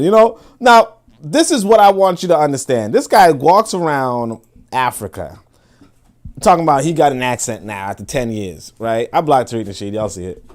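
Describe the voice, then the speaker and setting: A man's voice: fairly high pitch, expressive, moderate pace, a little mellow. A man hosting a live stream, rambling in casual commentary with lots of fillers and swearing.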